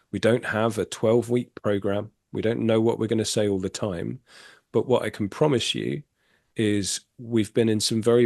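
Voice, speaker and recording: A man talking as a podcast guest in casual storytelling chat, candid and animated, swearing freely. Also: on the low side, gravelly, no room sound, studio quality.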